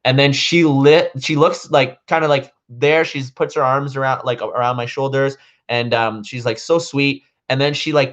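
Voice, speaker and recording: A man's voice: mid-range voice, fairly even intonation, moderate pace, few pauses, a bit bright. A man vlogging, casually telling a long story to his viewers, rambling with lots of "like" and "um" fillers. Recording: dull lo-fi recording.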